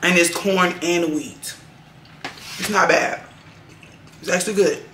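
A woman's voice: fairly low pitch, takes it slowly, a bit bright, roomy sound, a little hiss or hum. A woman, chatting candidly and rambling to her vlog camera in her home kitchen, swearing casually. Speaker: lifestyle vlogger.

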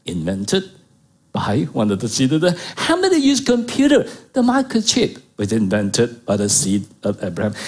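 A man's voice: on the high side, darkish tone. A middle-aged man preaching a sermon as pastor, emphatic, repeating key phrases and asking the congregation rhetorical questions.

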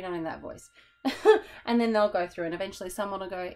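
A woman's voice: medium pitch, quick pace, darkish tone, a little hiss or hum, low-quality recording. A young woman teacher, explaining a classroom method in a chatty, tired way and laughing at herself.

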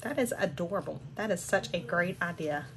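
With a fairly low, expressive voice and fairly bright tone, an older Southern crafting host unboxes at a brisk pace in her home craft room. She gushes, gasping and exclaiming breathlessly. It's a home recording with background noise.

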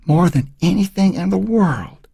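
Man doing a frail old woman, elderly, whispering, trembling voice, higher pitched, audiobook. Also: lively intonation, unhurried, vocal fry, warm tone, husky, no echo, clean studio sound, heavily acted. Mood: tender whisper. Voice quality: whispering, shaky.

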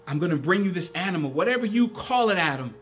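A preacher voicing God as a calm creator. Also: male voice, sits high, quick pace, faint music behind. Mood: patient teaching. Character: God, calm patient fatherly male creator.

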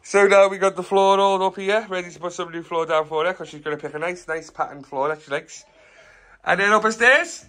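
A man leads an upbeat house tour, talking straight to the viewers. His voice is bright and forceful, and his slangy talk bounces along. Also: high-pitched, fairly quick. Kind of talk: casual vlog walkthrough. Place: house being renovated, then walking outdoors.

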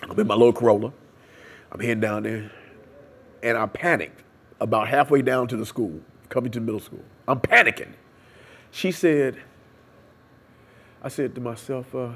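A man's voice: mid-range voice, normal speed, long pauses, a bit bright, breathy edge. A man in an oral history interview, telling his story and acting out the dialogue and prayers in it. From United States. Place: seminary room.

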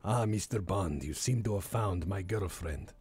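A man's voice: deep voice, lively intonation, normal speed, darkish tone, slightly rough, full character voice. A man putting on the voice of a pompous, grandiose Greek supervillain in a hammy villain drawl.

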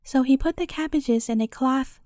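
A woman narrating a fairy tale as a bedtime story, reading in a calm, measured way. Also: high voice, dry recording, clean studio sound.

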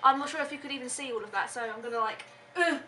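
A woman's voice: high-pitched, fast talker, pushed and bright, a little hiss or hum. A young woman vlogging casually from home, giggling often and rambling with lots of hesitant ums.

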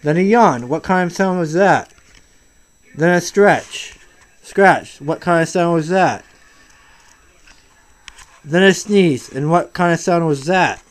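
Dad reading a storybook to his kid: gentle, halting, slightly high voice, unhurried. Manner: soft, patient, halting, with frequent restarts. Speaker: father reading to his child. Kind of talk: reading a picture book aloud to a child.

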